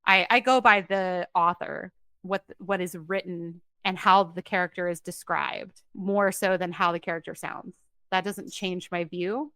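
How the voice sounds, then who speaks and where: A young woman co-hosts a casual podcast chat, and her voice comes across bright and crisp. She talks emphatically and keeps up a quick, chatty flow, with a dry, close sound. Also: on the low side, fairly even intonation, no echo. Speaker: podcast co-host.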